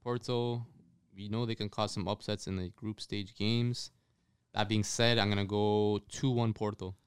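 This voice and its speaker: A man's voice: lowish voice, little pitch movement, normal speed, clean tone, no echo. A man hosting a casual football prediction podcast, reading out the fixtures and giving his picks. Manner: runs the segment, reads out fixtures. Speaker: podcast host. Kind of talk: casual sports prediction chat.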